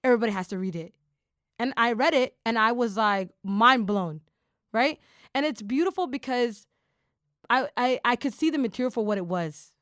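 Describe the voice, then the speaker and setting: A woman's voice: fairly high pitch, normal speed, no echo, clean studio sound. A woman hosting a podcast in casual chat, talking in enthusiastic bursts with lots of fillers. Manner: animated, enthusiastic, talks in bursts with many fillers. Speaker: podcast host.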